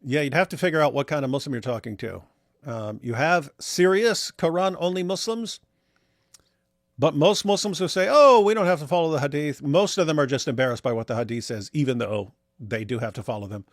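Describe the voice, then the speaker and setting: A man's voice: mid-range voice, brisk, no room sound, studio quality. A man co-hosting a casual livestream, reading viewer messages aloud and commenting in a wry, rambling way with many restarts. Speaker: livestream co-host reading super chats.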